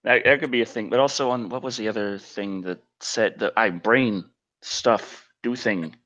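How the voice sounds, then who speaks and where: A man's voice: lowish voice, moderate pace, fairly bright tone. Guy rambling on a live stream, laughs a lot, kinda dull lo-fi sound. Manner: rambling, laughs often, trails off. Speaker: show host. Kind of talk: casual live-stream chat. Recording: slightly dull lo-fi audio.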